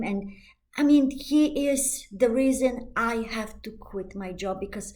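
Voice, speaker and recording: A woman life coach giving a motivational talk, slow and emphatic, soothing and repetitive, with slightly non-native English phrasing. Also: fairly high pitch, mellow.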